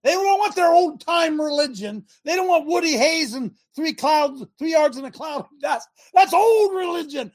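Male host, fiery sermon-style monologue, shouts for emphasis. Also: extremely high pitch, very animated, moderate pace. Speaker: talk show host. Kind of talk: preaching talk show monologue.

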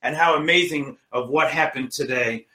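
A man's voice: mid-range voice, moderate pace, sharp tone, roomy sound. A man sharing a personal faith testimony, emphatic and retelling conversations line by line. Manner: emphatic, retells dialogue with many "she says".

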